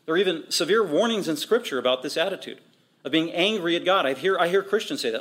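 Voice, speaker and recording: Male pastor, fairly high voice, emphatic repetitive sermon delivery. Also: expressive, fairly bright tone. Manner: emphatic, repetitive preaching with quick asides.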